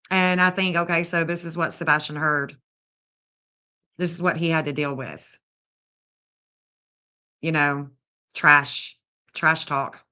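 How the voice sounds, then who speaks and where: A woman's voice: sits low, sharp tone. A woman, bluntly and indignantly scolding as she comments on a livestream. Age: 50s. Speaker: true crime streamer.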